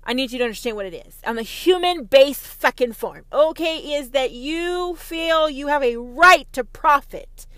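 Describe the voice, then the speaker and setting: A woman's voice: sits high, animated, moderate pace, hardly any pauses, a bit bright, no echo. A woman with a Southern American accent delivering an impassioned monologue, profane, heated and sarcastic, often mocking imagined opponents in a put-on voice. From Southern United States. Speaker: podcast host.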